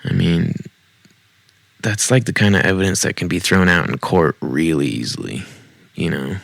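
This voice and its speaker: A man's voice: sits low, lively intonation, normal speed, gravelly, long pauses, a bit bright, dry recording. A man hosting a podcast, casually reading online posts aloud with joking, self-mocking asides. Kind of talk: casual read-aloud storytelling. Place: home basement.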